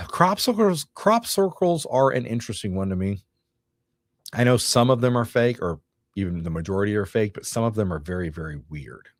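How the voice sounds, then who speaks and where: A man's voice: fairly low pitch, lively intonation, moderate pace, no room sound, studio quality. A man hosting a casual podcast, explaining theories in a rambling, self-correcting way. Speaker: podcast host. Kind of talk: casual chat.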